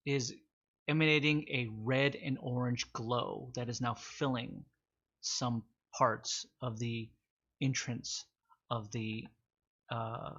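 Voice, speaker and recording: Man game master, bright stuffy voice, suspenseful narration, dull lo-fi sound. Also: mid-range voice. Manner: slow, suspenseful descriptions with fillers and restarts. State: stuffy, slightly rusty voice from sinus trouble.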